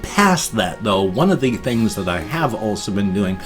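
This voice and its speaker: A man's voice: fairly low pitch, sing-song, normal speed, soft background music. Tired man in his fifties rambling on. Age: 50s. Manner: rambling, explains at length with restarts. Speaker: vlogger. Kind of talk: casual rambling vlog talk.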